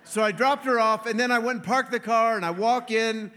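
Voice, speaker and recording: Animated high-voiced male preacher. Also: fairly quick. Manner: animated, acts out quoted voices, laughs often. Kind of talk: storytelling sermon.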